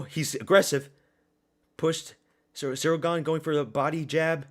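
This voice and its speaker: A man streaming a watch party, giving excitable, profane live reactions to a fight and often repeating himself. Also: a little high, measured pace.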